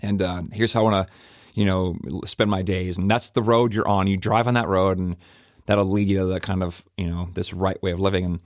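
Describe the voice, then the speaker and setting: A man's voice: sits low, steady tone, a little fast, no echo, clean studio sound. A middle-aged man, a pastor, reflecting on grief in a rambling, conversational way with many fillers and restarts. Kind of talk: reflective personal talk.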